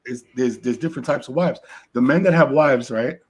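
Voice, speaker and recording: Husky-voiced man telling relationship stories. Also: medium pitch, fairly quick, lo-fi sound. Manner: storytelling, frequent "right?" asides. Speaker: podcast co-host. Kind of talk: casual relationship talk.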